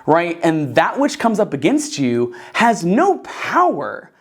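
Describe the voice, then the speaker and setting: Brief: lively Bible teacher, pitch swinging widely, talks casually to the group and checks in with "right?". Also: slow pace, husky. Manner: conversational, keeps asking "right?" and addressing "guys"; enthusiastic, animated storytelling.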